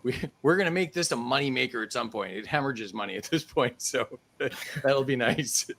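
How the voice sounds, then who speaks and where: A man's voice: mid-range voice, animated, moderate pace, vocal fry, fairly bright tone. A man hosting a casual live-streamed game show over a video call, laughing easily between questions.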